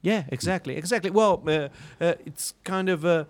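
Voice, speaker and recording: A man's voice: sits high, normal speed. Hesitant Italian-accented man. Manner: hesitant, many fillers and restarts. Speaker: musician, band leader. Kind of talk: casual interview answers.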